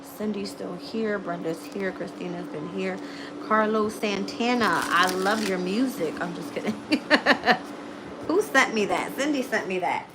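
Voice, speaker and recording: A woman's voice: mid-range voice, unhurried. A woman reads tarot on a casual live stream and talks straight to her viewers. She speaks loosely with slang, laughs often and swears freely. A faint noise sits under her voice.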